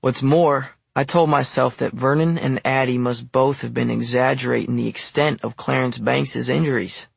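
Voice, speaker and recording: A man narrating an audiobook in the first person, measured and wry. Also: medium pitch, steady tone, vocal fry, breathy edge, dry recording.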